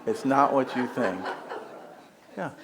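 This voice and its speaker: A man's voice: mid-range voice, slow pace, crowd noise. A man giving a conversational spiritual talk as a guest speaker, joking and asking the audience questions.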